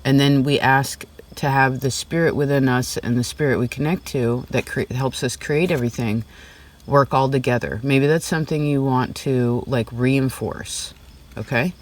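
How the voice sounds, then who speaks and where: A man's voice: mid-range voice, steady tone, moderate pace. A man giving a casual tarot reading, talking in a rambling, chatty way full of "like" and "right?". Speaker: tarot reader. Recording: slightly distant mic.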